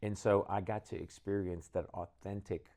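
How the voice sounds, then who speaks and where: A man telling his conversion story in casual conversation, animated and acting out the voices of people he quotes. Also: lowish voice, normal speed. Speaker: guest, band leader.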